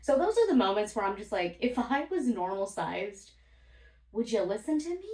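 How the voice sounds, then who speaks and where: A woman's voice: medium pitch, very animated, moderate pace, darkish tone. Casual blunt woman telling stories, laughs a lot, kinda echoey and far from the mic. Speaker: vlogger. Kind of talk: casual storytime monologue. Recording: roomy, from a distance.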